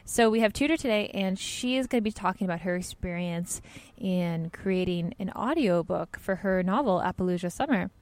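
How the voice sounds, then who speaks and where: A woman's voice: lowish voice, a little mellow. A woman co-hosting a podcast in casual chat, talkative and self-deprecating. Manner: chatty and quick to laugh, self-deprecating. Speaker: podcast co-host.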